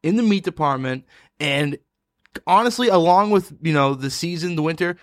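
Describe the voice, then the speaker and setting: A man's voice: a little high, animated, moderate pace, dry recording, studio quality. A man, co-hosting a podcast in casual, rambling chat that is full of swearing and restarts. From Boston area. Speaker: podcast co-host.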